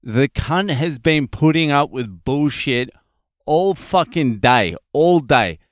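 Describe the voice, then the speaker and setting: An Australian man hosting a podcast, telling a story in a casual, animated and heavily profane comic monologue. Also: a little high, takes it slowly, dry recording, clean studio sound. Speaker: podcast host, comedian.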